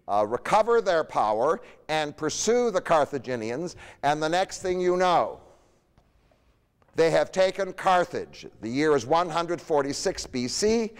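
A man's voice: on the high side, smooth, in a large hall. A man giving a history lecture in a conversational way, often tossing rhetorical questions to his audience.

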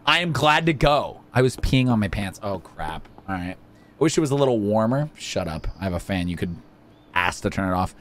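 A man hosting a casual let's-play video, excitable and jokey, chatting to the game's characters as he plays. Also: on the low side, moderate pace. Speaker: gaming video host.

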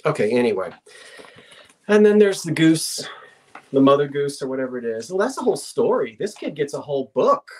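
A man's voice: on the high side, very animated, a little fast, a little mellow. Middle-aged male auctioneer, chatty, playful, reminiscing between lots. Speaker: auction host. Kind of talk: live online sale chat.

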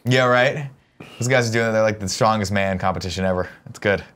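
A young adult man co-hosting a casual movie watch-along, jokey and animated, often slipping into put-on voices. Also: on the low side, fast. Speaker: co-host.

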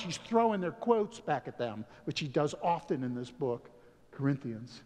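A male pastor giving a sermon, moving between quiet, low asides and loud, emphatic passages, and often chuckling as he talks to the congregation. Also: very animated, normal speed. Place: church sanctuary. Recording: long reverb of a church hall.

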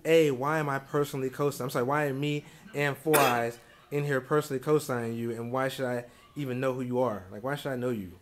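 A man's voice: medium pitch, steady tone. A man hosting a casual studio interview, firing off teasing questions. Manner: rapid-fire, teasing questions. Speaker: interview host.

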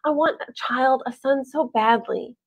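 A woman's voice: high voice, unhurried. A woman voicing a pleading, grieving young mother-to-be.

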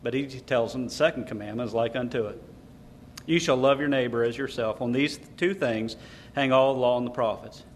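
A man delivers a sermon in a slightly high voice. He speaks emphatically, quoting scripture and turning to the congregation with rhetorical questions. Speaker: preacher. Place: lecture hall.

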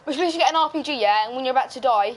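A woman's voice: high voice, very fast, background noise. A woman hosting a casual gaming video, joking and laughing through banter with a friend. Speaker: channel host, gamer.

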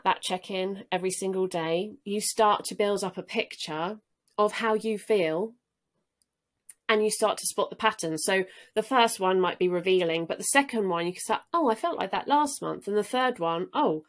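Woman guest chatting, earnest and easy, mid pitch, little laughs here and there. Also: normal speed. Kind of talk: casual interview talk.

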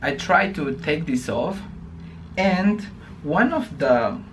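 Slow, halting man vlogging at home. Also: fairly high pitch, lively intonation, a little hiss or hum. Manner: slow, halting and repetitive, swears often. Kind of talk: casual vlog monologue. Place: home bedroom.

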